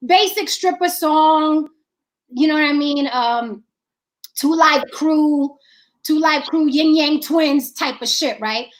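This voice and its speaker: High-pitched woman ranting casually, swears a lot, keeps repeating her point. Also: takes it slowly. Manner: blunt and profane, emphatic repetition. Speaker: filmmaker. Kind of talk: casual chat.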